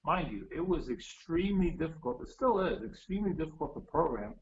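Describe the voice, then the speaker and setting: A man's voice: fairly high pitch, very animated, fairly quick, muffled recording, slight background noise. A man in casual chat, explaining old music gear in a chatty way with restarts, heard over a call. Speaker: guest musician. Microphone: phone or video call.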